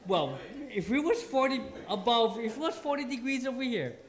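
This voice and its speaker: A man's voice: extremely high pitch, big pitch swings, moderate pace. A man preaching a sermon in church with a light tinge, joking with the congregation. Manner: joking, playful asides to the congregation. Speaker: pastor.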